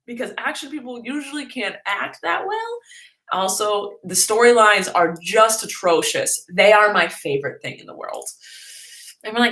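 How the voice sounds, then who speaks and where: A woman's voice: mid-range voice, sing-song, moderate pace, a bit bright. A young woman vlogger chatting casually and playfully as she answers viewers' questions. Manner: chatty and playful, jokey asides. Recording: echoey room.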